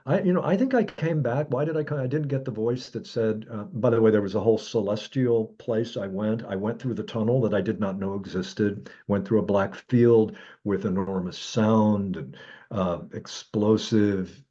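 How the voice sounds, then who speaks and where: A guest author recounts a personal experience in a reflective storytelling mode, his voice breathy at the edges and the recording lo-fi. He is animated, jumping in pitch as he acts out the voices in the quoted dialogue.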